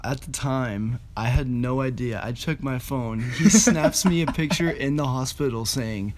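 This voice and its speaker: A young man cracks jokes and teases his co-host during casual podcast banter. He laughs often and chimes in with quick remarks. His voice has an average pitch for a man. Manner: teasing, laughing, joking interjections.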